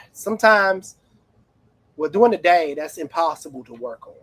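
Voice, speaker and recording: Animated middle-aged man, dry mic. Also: fairly high pitch, unhurried, slightly rough, no echo, low-quality recording. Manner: animated, rambling storyteller with playful exclamations. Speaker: auto repair shop owner, host. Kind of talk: casual livestream chat.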